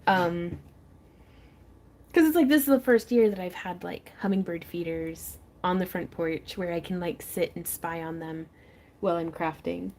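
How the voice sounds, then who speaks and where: A woman's voice: on the low side, normal speed, darkish tone. Chatty giggling woman hosting a craft stream. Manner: chatty, laughs often, reads viewer comments aloud. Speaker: craft livestream host. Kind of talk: casual chat while crafting. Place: home front porch. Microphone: close mic.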